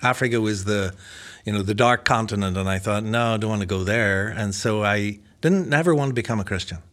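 A man's voice: fairly low pitch, a little fast, fairly bright tone. An older man from Northern Ireland, his accent blended with American, chatting easily as an interview guest and laughing at his own jokes. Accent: Northern Irish mixed with American. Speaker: pastor and guest. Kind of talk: casual interview conversation.

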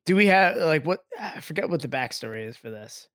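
Man podcast co-host, slightly high voice, dry close sound, easy laughter. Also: animated, fairly quick, fairly bright tone, no echo. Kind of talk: casual podcast chat.

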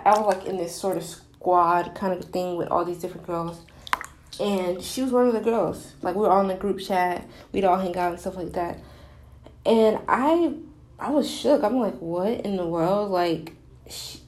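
A woman's voice: lowish voice, moderate pace, darkish tone. Twenty-something woman spilling a personal story, lots of likes and restarts, echoey room. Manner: candid, rambling, many fillers and restarts.

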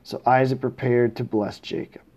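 A man reading scripture passages aloud in a steady way, with occasional slips and self-corrections. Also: medium pitch, moderate pace, lo-fi sound. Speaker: scripture reader.

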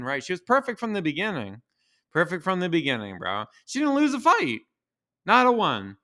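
A man's voice: on the high side, sharp tone, clean tone. A man hosting a podcast, delivering a casual, exasperated rant full of swearing and rhetorical questions. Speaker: podcast host. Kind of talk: casual ranting monologue.

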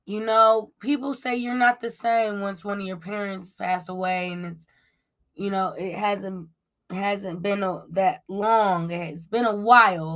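A woman hosting a casual celebrity gossip commentary, talking bluntly and reading from her notes with frequent ums. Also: mid-range voice. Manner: swears freely and addresses viewers as y'all. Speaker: commentary show host.

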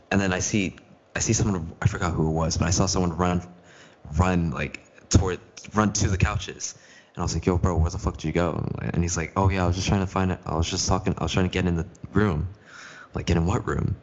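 A man's voice: low-pitched, highs cut off. A teenage boy hosting a podcast, telling stories in casual chat and swearing freely. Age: teens. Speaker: podcast host.

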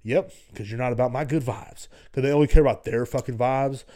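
A Texan man hosts a solo podcast rant, rambling, blunt and heavily profane. His voice is mid-range and dark, and he talks briskly.

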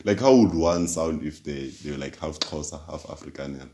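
A man, hosting a podcast in relaxed chat and laughing often. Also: very deep voice, normal speed. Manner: laid-back, laughs often. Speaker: podcast host. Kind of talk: casual chat.

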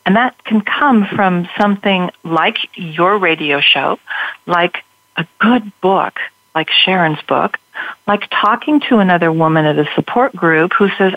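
Low-voiced woman telling her story on radio. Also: unhurried, dry recording. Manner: animated storytelling. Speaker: guest. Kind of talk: radio interview. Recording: dull lo-fi radio sound.

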